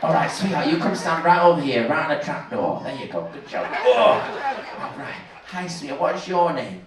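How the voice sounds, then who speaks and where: A man's voice: on the high side, normal speed. A man with a Manchester accent hosting a cruise ship show on stage, teasing the audience with jokes. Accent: Manchester English. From England. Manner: joking, teasing, lively showman. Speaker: cruise director. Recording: echoey theater heard from far off over crowd noise. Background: audience cheering and laughing.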